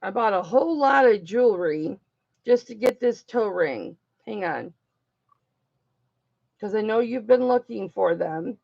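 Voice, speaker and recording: Slow, gravelly-voiced woman hosting a livestream. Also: medium pitch, lively intonation, darkish tone, lo-fi sound. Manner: affectionate, emotional, rambling, addresses viewers as honey and baby. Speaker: jewelry auction livestream host. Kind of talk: casual livestream chat.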